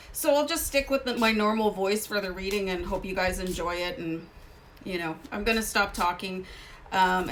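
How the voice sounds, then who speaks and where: A woman's voice: mid-range voice, a bit bright, slight background noise. A woman living in Canada hosting a casual tarot card reading, talking in a chatty, rambling way with many asides. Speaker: tarot reader.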